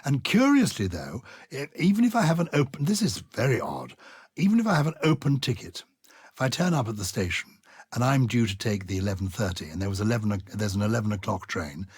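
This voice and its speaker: An older man co-hosts a podcast and chats in an expressive, theatrical way, his pitch swinging widely. His voice is husky and a little rough from crumbs in his throat, and it is picked up on a dry, close studio mic. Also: fast talker, dry recording. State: coughing from biscuit crumbs. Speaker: podcast co-host. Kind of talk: casual chat, reading listener letters.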